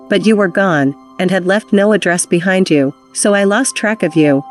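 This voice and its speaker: A woman's voice: on the low side, lightly acted. A woman voicing an earnest, remorseful grown husband in a classic storybook reading. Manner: earnest, pleading. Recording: reading with music underneath.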